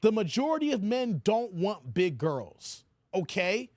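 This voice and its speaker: A man's voice: sits high, very animated, unhurried, a little mellow, dry recording, studio quality. A man hosting his own channel, giving blunt, preachy livestream commentary. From United States. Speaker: channel host.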